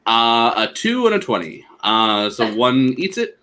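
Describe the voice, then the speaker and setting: A man running a tabletop game as game master, narrating the action in a lively way. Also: mid-range voice, a little slow.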